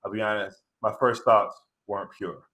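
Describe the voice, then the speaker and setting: A middle-aged man telling a stand-up story, rambling and halting with many fillers and restarts. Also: lowish voice, little pitch movement, bright, forceful tone. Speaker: stand-up comedian.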